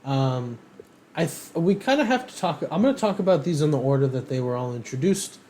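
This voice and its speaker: A man's voice: fairly high pitch, animated, brisk, darkish tone, a little hiss or hum. Man, podcast co-host, casual chat, rambling, fillers. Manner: rambling, many ums and uhs.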